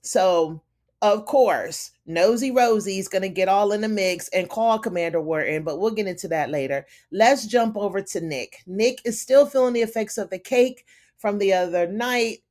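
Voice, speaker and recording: A chatty woman recapping a TV episode in a loose, conversational way at a middle pitch. She is animated and keeps calling her viewers honey as she walks through the scenes. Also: normal speed. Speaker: TV recap host.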